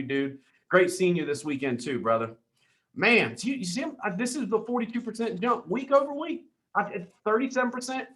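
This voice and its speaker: A man's voice: fairly high pitch, fairly bright tone. Hyped-up man rattling off sales leaderboards. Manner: hyped, calls everyone dude and brother, quick asides. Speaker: team leader hosting a weekly sales call. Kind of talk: excited leaderboard shout-outs on a call.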